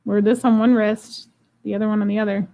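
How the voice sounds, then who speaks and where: A woman's voice: mid-range voice, little pitch movement, fairly quick, warm tone. A woman selling jewelry on a live stream, chatting playfully and joking about herself as she unboxes and runs auctions. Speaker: online jewelry seller. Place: home room.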